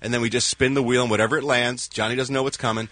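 A man's voice: medium pitch, steady tone, very fast, pushed and bright, no room sound. A man from Philadelphia hosting a radio comedy bit, playfully announcing each challenge with mock solemnity. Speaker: radio show host.

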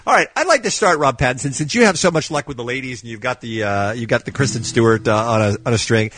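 Quick, lively male radio host. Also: mid-range voice, husky, no echo. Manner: lively, upbeat, emcee-style. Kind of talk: comedy radio show banter.

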